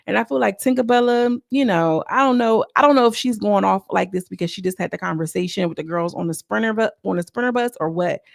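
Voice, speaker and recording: A woman recapping a reality show in casual, slangy commentary, breaking into quick mocking impressions of the cast. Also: medium pitch, vocal fry, no room sound, studio quality. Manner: chatty, slangy, quotes cast members in mocking voices.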